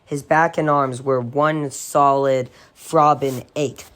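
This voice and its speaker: A man's voice: medium pitch, fairly even intonation, takes it slowly, fairly bright tone. Man reading a horror novel aloud. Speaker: audiobook reader.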